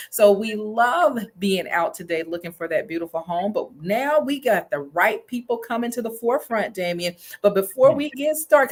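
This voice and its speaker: An energetic woman co-hosts a promotional talk show. Her pitch is lively and salesy, and she circles back over her own points. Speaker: co-host.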